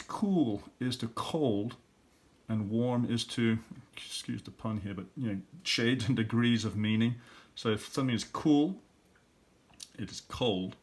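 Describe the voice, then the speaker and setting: A middle-aged man, an elementary school teacher, walking students through a recorded review lesson and thinking aloud step by step. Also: mid-range voice.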